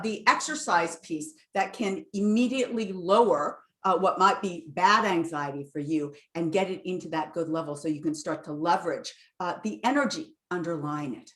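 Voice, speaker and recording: A woman's voice: medium pitch, a bit bright, roomy sound. A woman neuroscientist giving an enthusiastic online lecture, with fillers and restarts, speaking into a computer microphone.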